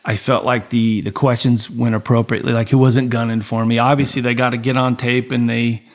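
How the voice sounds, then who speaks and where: A man's voice: mid-range voice, brisk. A middle-aged man, a former soldier and police officer, telling stories in casual talk, acting out other people's voices and swearing freely. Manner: animated storyteller, acts out voices in quotes, heavy swearing. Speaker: podcast guest, former Navy SEAL and police officer. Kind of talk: casual storytelling.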